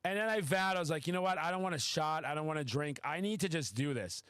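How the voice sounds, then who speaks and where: High-voiced podcast host guy, excitable, cursing a lot, dry close sound. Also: quick pace, smooth, no room sound. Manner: excitable, profane storytelling. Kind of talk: casual podcast chat.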